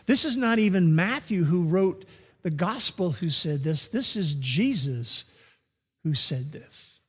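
A male pastor preaching a sermon, slow and deliberate, now and then acting out comic voices. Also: sits high, husky, big-room sound.

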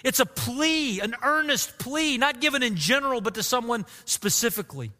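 A man's voice: very high voice, expressive, normal speed, sharp tone, big-room sound. A man preaching a sermon as pastor, earnest and emotive, repeating phrases for emphasis.

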